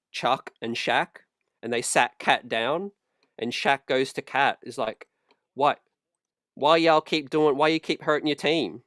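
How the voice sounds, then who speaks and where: A man's voice: mid-range voice, fairly bright tone, smooth, no echo, clean studio sound. A man hosting a basketball fan channel, talking in a casual, worked-up way and leaning on fillers like "you know" and "man". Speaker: sports channel host.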